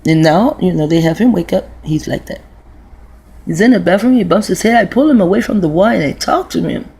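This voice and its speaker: A woman's voice: on the low side, lively intonation, brisk, vocal fry, dark tone, slightly rough. A woman in her forties telling a long, rambling, profane story in a casual vlog monologue, full of restarts. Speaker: vlogger.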